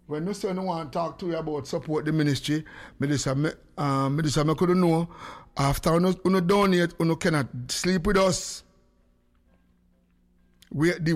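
This livestream host, a Jamaican man, goes live from his home studio with a bright, high-pitched voice. Full of energy and fun, he jokes around, shouts out viewers by name, and lets his casual, teasing chatter roll along.

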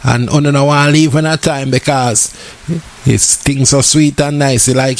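A man's voice: mid-range voice, steady tone, normal speed. A middle-aged man with a Jamaican accent, a party DJ bragging and hyping an upcoming night in a chanting, sing-song promo style. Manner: boastful, chanting, slips into singing.

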